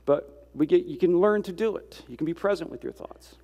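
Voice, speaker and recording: Man, high-pitched, easygoing devotional speaker who asks the audience questions and teases himself, long room echo. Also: brisk, dark tone. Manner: rhetorical questions and self-deprecating asides. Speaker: speaker giving a reflective Christian talk. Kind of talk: conversational devotional talk.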